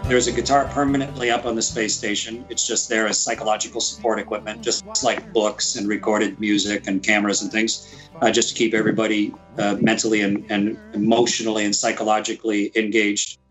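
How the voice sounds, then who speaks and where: An older man being interviewed, telling relaxed anecdotes and chuckling as he goes. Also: fairly low pitch, brisk, faint music behind, low-quality recording.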